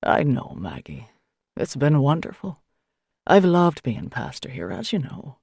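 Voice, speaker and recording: A woman voicing a patient, kindly male priest who talks warmly and gently. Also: deep voice, big pitch swings, creaky, breathy edge, no echo, studio quality, voice pushed down, exaggerated voice. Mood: wistful. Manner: warm, patient, slow.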